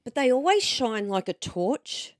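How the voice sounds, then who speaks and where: A woman's voice: fairly high pitch, very animated, a little slow, no echo, clean studio sound. A woman co-hosting a podcast, chatting casually and drifting off on tangents while she tells a story. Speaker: podcast co-host. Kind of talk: casual chat. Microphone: studio microphone.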